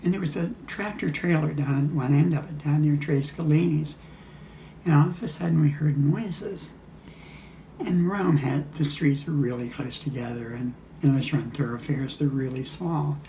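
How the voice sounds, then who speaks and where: A man's voice: fairly high pitch, fairly even intonation, moderate pace, gravelly, mellow, a little hiss or hum. An older man casually recounting travel memories, rambling with frequent restarts and chuckles. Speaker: storyteller. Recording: echoey room.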